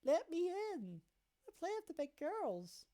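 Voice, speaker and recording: A woman's voice: big pitch swings, unhurried, dark tone, full character voice. A woman doing a feverish little girl, pleading. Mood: childish. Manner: high, tearful and begging. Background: faint game music.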